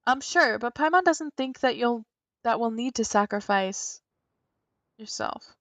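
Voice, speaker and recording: A woman's voice: fairly high pitch, animated, unhurried, fairly bright tone, dry recording. A woman doing a cheeky little fairy companion. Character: small chatty female fairy companion, blunt.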